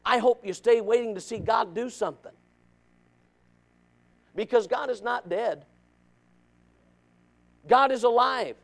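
A male pastor preaching a sermon, swinging between shouting and hushed softness, with stammering restarts. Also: extremely high pitch, a little slow, pauses often.

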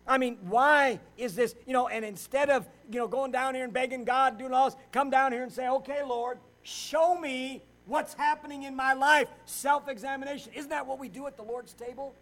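Middle-aged male pastor, high-pitched; delivers a sermon, loud at times, quiet at others. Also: steady tone, brisk, few pauses, poor audio. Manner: swings between loud preaching and quiet storytelling.

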